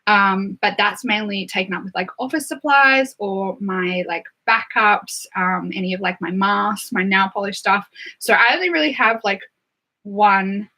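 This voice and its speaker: Bright, breathy Australian woman chatting. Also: mid-range voice, unhurried, rough recording. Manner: chatty, full of "like" and "um" fillers. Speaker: beauty livestreamer. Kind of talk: casual live stream chat.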